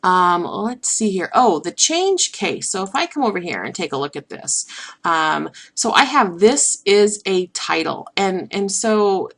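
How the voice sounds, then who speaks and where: A woman teaching a software tutorial over a screen recording, thinking aloud in a relaxed way with frequent ums and restarts. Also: mid-range voice, a little slow. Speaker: instructor.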